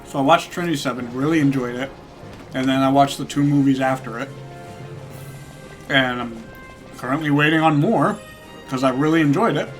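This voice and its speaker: A young man streams a game, thinking aloud while he plays, laughing often and chatting casually, with game music in the background. His mid-range voice keeps a moderate pace, and he pauses often.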